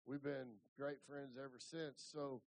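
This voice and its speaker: A man's voice: mid-range voice, fairly even intonation, unhurried, no room sound, low-quality recording. A man in his fifties from Ohio, preaching a folksy, rambling storytelling sermon full of restarts. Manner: rambling, repeats words and restarts.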